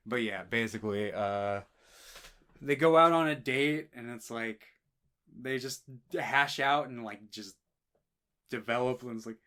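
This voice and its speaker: A man's voice: mid-range voice, measured pace, fairly bright tone, smooth. A man co-hosting a film podcast, chatting casually and swearing, retelling scenes in quoted voices. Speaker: podcast co-host.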